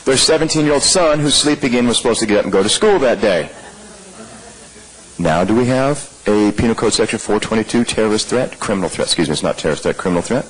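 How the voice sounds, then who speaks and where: A man with a lowish, slightly husky voice runs a leadership workshop in front of a live group. He keeps things conversational and leans on rhetorical questions to pull the room in. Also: expressive, fast talker, low-quality recording. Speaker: workshop trainer. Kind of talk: leadership training lecture. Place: live training session room.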